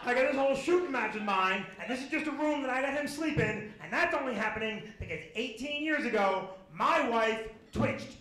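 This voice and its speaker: High-voiced man doing stand-up. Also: fairly quick, few pauses, a little hiss or hum. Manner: animated, building to loud exasperated punchlines. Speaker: stand-up comedian. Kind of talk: stand-up storytelling. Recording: echoey live room.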